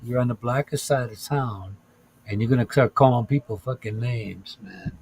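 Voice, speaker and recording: A man's voice: medium pitch, normal speed, breathy edge, poor audio. A man hosting a casual podcast, telling profane, laughing stories about driving a bus, with lots of restarts. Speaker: podcast host, former bus driver. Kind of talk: casual chat, storytelling.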